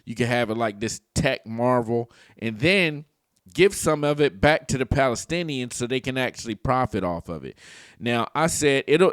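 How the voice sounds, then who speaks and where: A man giving casual vlog commentary, animated and laughing often as he reacts to a clip. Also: medium pitch, no room sound, clean studio sound. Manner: animated, laughs often, talks back at clips.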